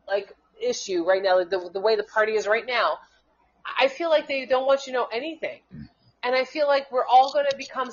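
A fairly high-voiced woman rants on a talk show, stumbling over her words, restarting again and again and swearing when angry. The sound is dull and lo-fi, like cheap internet radio. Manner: heated, rambling, many restarts and swearing. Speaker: co-host; schoolteacher. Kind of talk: casual political talk.

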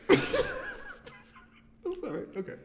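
A man's voice: drawn-out words, soft background music. A young man co-hosting a podcast in casual chat, teasing and laughing constantly. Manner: teasing, laughs constantly, swoops up into loud squeals. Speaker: podcast co-host.

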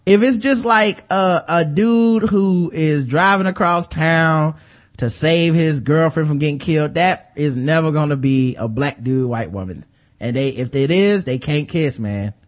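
A man's voice: fairly high pitch, unhurried. A man co-hosting a podcast in casual, profane, sarcastic chat, telling stories with animation. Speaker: podcast co-host.

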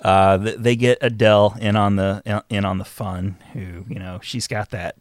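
A man co-hosting a casual movie-review podcast, jokey and profane, often breaking into loud mock voices. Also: on the low side, fairly even intonation, moderate pace, dry recording, clean studio sound. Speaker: podcast co-host.

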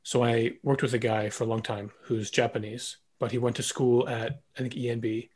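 A man's voice: medium pitch, little pitch movement, normal speed, darkish tone, husky. A man hosting a podcast, talking casually and reflectively with a guest. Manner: talkative, reflective, many "like" fillers. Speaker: podcast host, former ballet dancer.

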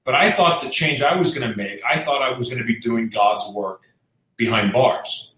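Earnest man, bright voice, echoey room. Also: mid-range voice, moderate pace, distant mic. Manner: earnest, rambling, many fillers and restarts. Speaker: show host sharing his recovery story. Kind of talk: candid personal storytelling.

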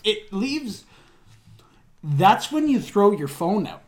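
A man's voice: sits high, big pitch swings, slow. A man hosting a podcast, joking and swearing with his friends and laughing often. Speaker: podcast host. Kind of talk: casual podcast banter.

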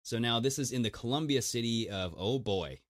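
A man's voice: mid-range voice, fairly quick. A man co-hosting a casual podcast, joking, swearing and laughing as he reads out odd news stories. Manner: jokey, swearing, breaks into laughter and silly voices. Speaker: podcast co-host. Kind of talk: casual chat.

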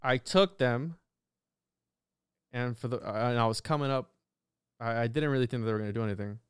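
A man's voice: medium pitch, clean tone, no echo, clean studio sound. Swearing young man telling a story. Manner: animated, heavy swearing, quick repeated restarts. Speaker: podcast guest. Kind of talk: casual storytelling chat.

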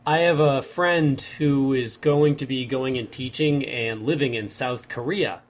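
A man's voice: medium pitch, a little slow. A young man in casual chat, telling a long story in a rambling way and correcting himself as he goes.

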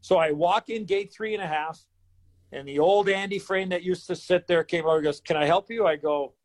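Animated male storyteller acting out dialogue. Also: high voice, moderate pace. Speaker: former hockey player, guest. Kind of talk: storytelling interview.

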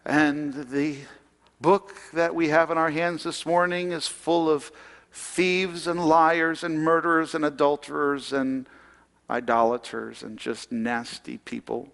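A man's voice: fairly high pitch, flat delivery, measured pace, vocal fry, fairly bright tone, in a large hall. A man preaching a sermon in a conversational way, asking the congregation questions. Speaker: pastor.

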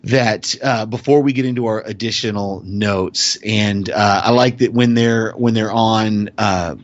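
A man's voice: lowish voice, a little slow. A man hosting a casual chat, rambling and restarting his sentences as he animatedly retells scenes. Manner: rambling, self-correcting, animated storytelling. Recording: dull lo-fi dry audio.

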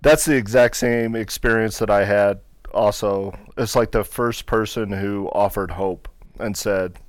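A man's voice: on the low side, fairly even intonation, a little slow, no echo. A man hosting a podcast interview in a chatty, agreeable way, often relating his own experience. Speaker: podcast host. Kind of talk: casual interview chat.

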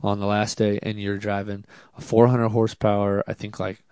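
A man, a drift driver, telling a casual story in an interview, animated and self-deprecating, with many fillers. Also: lowish voice, normal speed, clean tone, dry recording.

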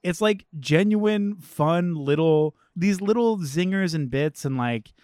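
A man's voice: fairly high pitch, animated, takes it slowly, a little mellow, no echo, studio quality. A man co-hosting a casual movie podcast, chatty, full of "like," swearing freely. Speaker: podcast co-host.

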